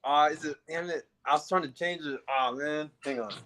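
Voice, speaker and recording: A man joining a livestream by remote call, chatting in an easygoing, slangy way with a very quiet mic. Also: a little high, moderate pace, no echo, low-quality recording. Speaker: call-in guest. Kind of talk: casual chat on a call.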